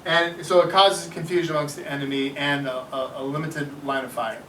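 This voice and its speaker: A middle-aged male teacher giving a classroom history lecture, animated, often putting questions to his students. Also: a little high, fairly quick, slight background noise. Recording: echoey classroom from far off.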